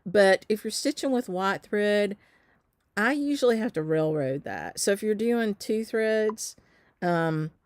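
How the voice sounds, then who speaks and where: A woman's voice: medium pitch, lively intonation, unhurried, no echo. A Southern American woman hosting a casual live stream, chatting and answering viewer comments with lots of ums. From Southern United States. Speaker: shop owner hosting a live stitch.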